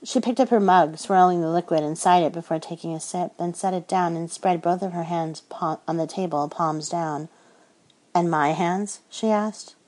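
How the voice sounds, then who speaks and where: A woman narrating a first-person romance audiobook in a soft, intimate storytelling manner. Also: on the low side, normal speed, hardly any pauses, low-quality recording.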